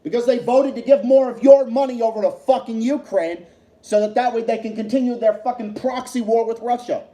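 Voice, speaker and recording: A man's voice: extremely high pitch, fairly quick, mellow, roomy sound. A man hosting a livestream, ranting heatedly about politics with lots of profanity and repetition. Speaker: livestream host.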